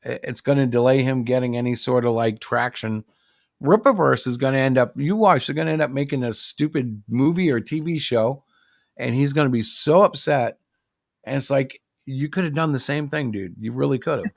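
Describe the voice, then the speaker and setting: A man's voice: mid-range voice, moderate pace, gravelly, no room sound, clean studio sound. A man co-hosting a livestream about comics, talking in a casual, rambling and opinionated way. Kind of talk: casual chat.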